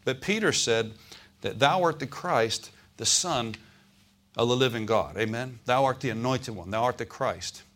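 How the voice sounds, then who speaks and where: A man's voice: mid-range voice, fairly bright tone. A man preaching, calling out amens. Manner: preacherly, calls for amens, slows on key phrases. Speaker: pastor. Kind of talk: sermon. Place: church.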